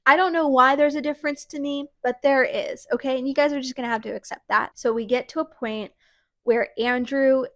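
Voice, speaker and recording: Woman vlogger, fairly high voice, dry close sound, casual and emphatic book talk. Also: no room sound. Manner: emphatic and animated, frequent "like". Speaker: book reviewer. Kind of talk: casual book review vlog.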